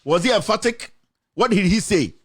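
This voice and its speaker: A man's voice: high voice, animated, moderate pace, slightly rough. A man with a Ghanaian accent delivering an impassioned political rant, firing off rhetorical questions and switching between languages. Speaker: political commentator.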